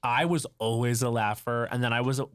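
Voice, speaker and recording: A man's voice: medium pitch, fairly even intonation, a little fast, clean tone, no room sound, studio quality. A man co-hosting a podcast, talking eagerly and rambling with many fillers. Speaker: podcast co-host. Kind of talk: casual podcast chat.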